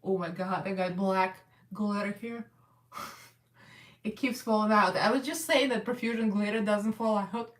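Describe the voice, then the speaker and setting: A woman's voice: mid-range voice, normal speed. A woman hosting a casual live makeup chat, chatty and rambling, laughing often as she works. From Russian American. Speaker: makeup livestream host. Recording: echoey room, voice a little far from the mic.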